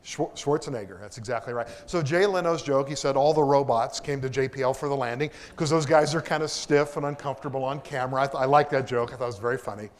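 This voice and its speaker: A man from Kansas, a propulsion engineer, giving a lively public lecture full of self-deprecating stories and enthusiasm. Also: medium pitch, fast talker, few pauses. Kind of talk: lecture with anecdotes. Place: lecture hall.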